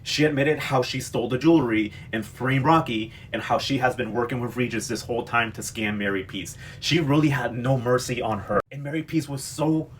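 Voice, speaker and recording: A man's voice: medium pitch, fairly quick, hardly any pauses, a little hiss or hum. A young man recapping a TV novela in a sassy, dramatic, emotionally invested way. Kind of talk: casual pop-culture recap.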